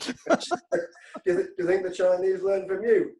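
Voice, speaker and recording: Mellow-voiced man, roomy sound. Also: high-pitched, level tone, moderate pace. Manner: chatty storyteller, self-deprecating, frequent restarts. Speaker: guest, industry executive. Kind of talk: casual anecdotal chat.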